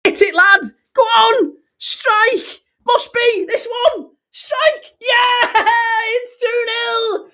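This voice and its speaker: A football fan calmly breaking down a goal, measured and admiring. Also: very high-pitched. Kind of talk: casual match analysis.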